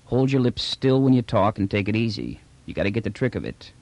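A man narrator voices a bulky, brash space trader who talks bluntly in casual slang, pushing hard and then dropping low and conspiratorial. His delivery swings widely in pitch with a gravelly edge. The recording is dry and close. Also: big pitch swings, normal speed, no echo. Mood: low, urgent. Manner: blunt, wheedling street talk.

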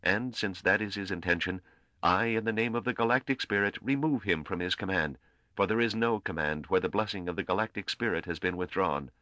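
A man voicing a stately priest who solemnly strips a commander of his command in the name of a higher spirit, in an audiobook. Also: fairly quick, sharp tone, dry recording. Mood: denouncing. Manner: grave, intoning, commanding.

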